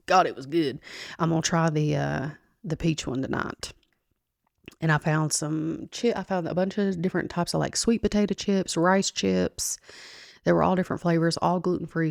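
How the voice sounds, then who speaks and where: A woman with a very low, gravelly voice hosting her own podcast. She talks casually and at length, rambles a little, and laughs often. The sound is dry and close, with almost no room. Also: a little mellow, no echo. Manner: chatty and rambling, laughs often, addresses listeners as y'all. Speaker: podcast host. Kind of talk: casual solo podcast monologue.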